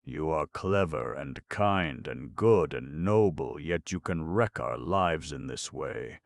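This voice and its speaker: A man's voice: rumbling low, animated, slow pace, gravelly, no echo, studio quality, heavily acted. A man voicing a tearful young woman who pleads and reproaches in an emotional, raised voice. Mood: anguished.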